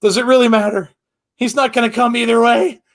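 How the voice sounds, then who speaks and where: A man's voice: very high voice, fairly even intonation, brisk. A man hosting a live wrestling podcast stream, reading chat jokes aloud and laughing through them until he is teary. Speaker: podcast host.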